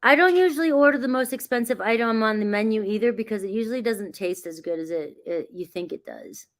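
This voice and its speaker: A woman's voice: fairly high pitch, fast. A woman doing a casual livestream as a tarot reader, chatty and reassuring, greeting viewers by name and laughing often. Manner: reassuring, grounding spiritual guidance.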